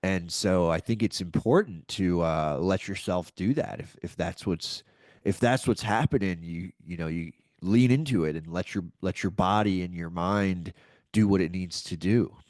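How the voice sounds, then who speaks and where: A man's voice: sits low, moderate pace, darkish tone, dry recording, clean studio sound. A man hosting a podcast interview, musing aloud in a reflective way with many "you know"s. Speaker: podcast host.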